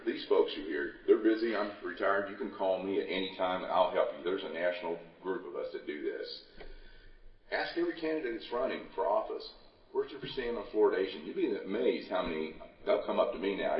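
A very low-voiced man in his sixties speaks to a room in a folksy, rallying way. He sounds far from the mic, and the recording is echoey and dull. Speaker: conference speaker. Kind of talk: conference talk. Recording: echoey, distant, muffled hall recording.

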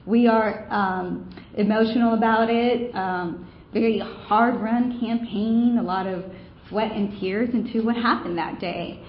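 A woman's voice: mid-range voice, steady tone, measured pace, slight background noise. A woman telling a campaign story during a conference presentation, chatty and full of fillers. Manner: conversational storytelling, many fillers. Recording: roomy, dull room recording.

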